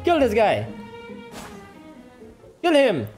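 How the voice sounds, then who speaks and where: A streamer giving excitable live gameplay commentary, full of trash talk, laughter, repeated taunts and non-native English grammar. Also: mid-range voice, drawn-out words, faint music behind. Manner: taunting, repeats short phrases.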